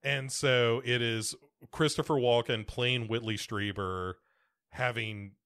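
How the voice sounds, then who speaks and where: Speaking slowly in a mid-range, fairly bright, clean voice, this man keeps his intonation fairly even. He's a podcast co-host from the United States, chatting casually and meandering through lots of fillers and false starts.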